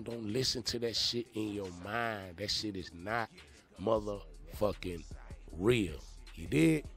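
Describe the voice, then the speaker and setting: A man hosting a podcast, telling a story in a rambling, profane, animated way, full of "you know what I'm saying" fillers. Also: lowish voice. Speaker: podcast host. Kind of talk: casual storytelling monologue.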